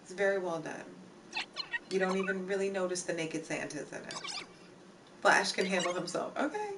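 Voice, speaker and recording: A woman's voice: fairly low pitch, steady tone, normal speed. A woman live streamer chatting casually with her viewers, laughing and teasing, repeating herself often. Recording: distant mic with clear background noise.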